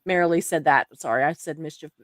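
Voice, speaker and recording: A woman's voice: sits low, fast talker, no room sound, studio quality. Giggly Southern woman hosting a stream. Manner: giggly, chatty, laughs often. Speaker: livestream host. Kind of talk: casual chat reading viewer comments.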